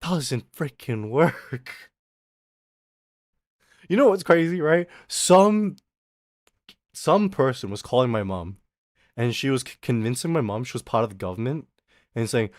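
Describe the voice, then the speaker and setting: A man from Australia, streaming and ranting through a casual story in an animated, profane way. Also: medium pitch, a little slow, pauses often, no room sound, studio quality. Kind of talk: casual ranting livestream chat.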